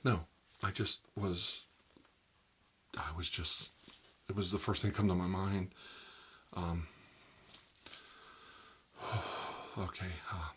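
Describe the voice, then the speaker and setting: A man playing a nervous male doctor in a soft-spoken ASMR role-play, rambling and filling his talk with "like" and "you know.". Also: sits low, little pitch movement, takes it slowly, pauses often, slight background noise. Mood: uneasy. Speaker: doctor examining a patient.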